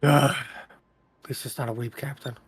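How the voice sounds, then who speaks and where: A man's voice: mid-range voice, steady tone, normal speed, breathy edge. A man co-commentating a game tournament in a loose, casual way, often restarting his sentences. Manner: loose, hesitant, full of fillers.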